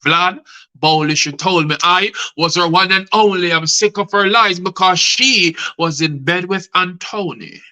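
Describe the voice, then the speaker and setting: Bright-voiced man reciting spoken-word poetry. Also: high-pitched, a little slow, rough recording. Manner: rhythmic spoken-word delivery, addressing guests by name. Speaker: host and poet. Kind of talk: reciting rhyming poetry on a live show.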